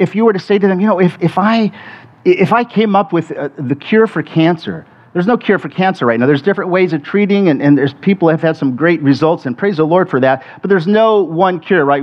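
A man's voice: on the high side, normal speed. A middle-aged man preaching a sermon in a conversational way, often restarting and repeating words. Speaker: pastor. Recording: muffled lo-fi sermon recording.

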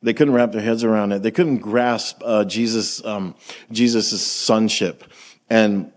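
A man's voice: fairly low pitch, steady tone, a little slow. Conversational male pastor preaching. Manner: conversational, quotes scripture, asks the congregation questions. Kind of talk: sermon.

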